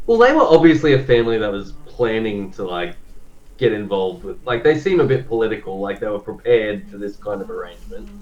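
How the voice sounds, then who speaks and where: A man's voice: fairly low pitch, big pitch swings, a little fast, darkish tone, muffled recording. A man trading jokes as a podcast co-host, casual and sweary. His voice rises and falls a lot as he riffs. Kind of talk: casual comedic chat.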